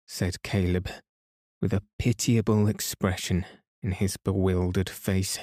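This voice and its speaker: A man reading a classic story aloud as a soothing bedtime narration, in a soft, even, unhurried manner. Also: deep voice, dry recording, studio quality. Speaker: podcast host and reader.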